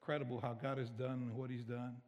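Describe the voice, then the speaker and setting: A man's voice: medium pitch, little pitch movement, fast, a little mellow. A middle-aged male pastor, preaching a sermon in a conversational, storytelling way that turns emotional. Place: church sanctuary. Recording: reverberant church hall.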